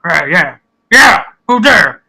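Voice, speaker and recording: A man voicing a dim-witted male ogre guard who speaks in halting, repetitive bursts. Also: high voice, big pitch swings, sharp tone, exaggerated voice. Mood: dopey. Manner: halting, repetitive, dopey speech.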